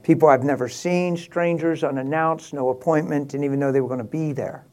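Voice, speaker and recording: A man's voice: a little high, steady tone, brisk, a little mellow. An older man, a pastor, telling stories in an emphatic, candid and emotional way. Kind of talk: casual storytelling talk.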